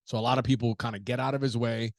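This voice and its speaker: A man's voice: mid-range voice, very fast, no echo, studio quality. A man telling a rambling, profane story in a casual podcast monologue, full of restarts. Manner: profane, rambling, animated anecdote with many restarts. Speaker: podcast host.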